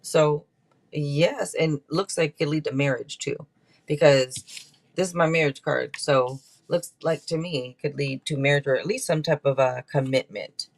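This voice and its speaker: A woman's voice: low voice, normal speed, gravelly. Chatty woman reading tarot live. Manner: chatty and rambling, with many restarts. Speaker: tarot reader hosting a live stream.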